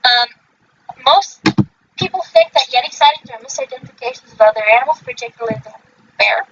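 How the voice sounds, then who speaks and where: A woman's voice: high-pitched, lively intonation, a little fast, vocal fry, fairly bright tone, muffled recording, a little hiss or hum. A woman hosting a podcast in casual chat, rambling with many fillers and self-corrections. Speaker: podcast host.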